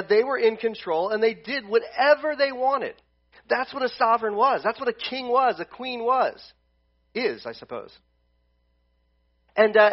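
A male pastor with a high-pitched voice preaches a conversational sermon at a church service, animated and full of restarts. The highs in the audio are cut off.

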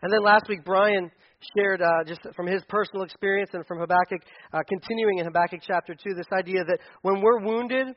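A man's voice: high-pitched, steady tone, a little fast. A male pastor preaching a sermon in a conversational way, with many restarts, his voice rising when he quotes. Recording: dull radio broadcast audio.

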